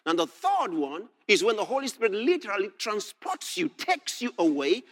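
A male preacher with a high voice that leaps all over its range. He drops to hushed asides, then rises to loud, shouted readings of scripture. He laughs now and then while he reads. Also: huge pitch swings, normal speed. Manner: swings from quiet musing to loud shouted proclamation. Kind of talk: sermon, reading and expounding scripture.

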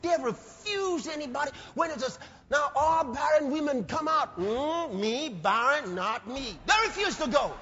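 High-voiced preacher in an echoing hall. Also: male voice, lively intonation, measured pace, few pauses. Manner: impassioned, shouts out lines and acts out voices. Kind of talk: sermon. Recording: lo-fi recording with long hall reverb.

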